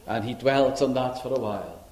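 An older man preaching a sermon, unhurried and reflective, slowing right down to stress lines of scripture. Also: mid-range voice, a little mellow. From Wales. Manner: unhurried, reflective, with dramatic slow emphasis on scripture.

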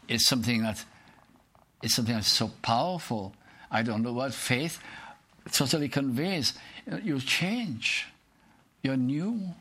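Older male preacher with a bright, earnest delivery who presses the congregation with questions. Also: medium pitch, lively intonation, a little slow, long pauses. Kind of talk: sermon.

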